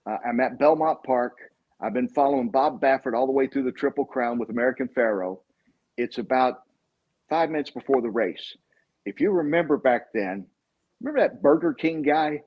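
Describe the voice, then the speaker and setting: A sportscaster being interviewed, telling rambling anecdotes full of fillers. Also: male voice, medium pitch, expressive, normal speed. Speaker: sportscaster guest. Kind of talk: casual interview storytelling. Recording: dull lo-fi recording.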